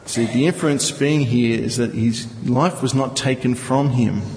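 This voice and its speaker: A man's voice: medium pitch, steady tone, moderate pace, darkish tone, in a large hall, a little hiss or hum, low-quality recording. A male preacher teaching from scripture, reading verses and explaining them with rhetorical questions. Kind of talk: Bible teaching sermon.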